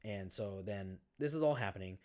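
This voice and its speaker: A man, a podcast guest, telling his own story in a casual interview, halting with many fillers and restarts and casual swearing. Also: lowish voice, darkish tone.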